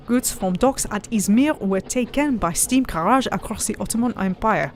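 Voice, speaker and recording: A woman hosting a let's play chats casually, reads the game text aloud with playful emphasis, and giggles often. Her medium-pitched voice is animated and moves at a moderate pace.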